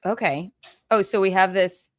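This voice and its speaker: A woman's voice: medium pitch, normal speed, dry recording. A woman hosting a casual pop-culture gossip livestream, chatty and giggly, saying she is exhausted. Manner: chatty, giggly, tired asides. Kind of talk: casual chat.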